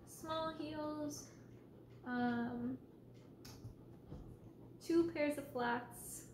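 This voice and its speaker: Soft-spoken woman with a high voice, chatty ASMR host running a casual Q&A, recorded in an echoey room. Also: slight background noise. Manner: soft-spoken, reads out viewer names and questions, scolds her cat. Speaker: ASMR creator answering viewer questions. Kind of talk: casual livestream Q&A chat.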